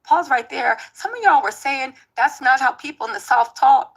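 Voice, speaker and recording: High-voiced woman giving sarcastic commentary. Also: lively intonation, moderate pace. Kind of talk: casual commentary.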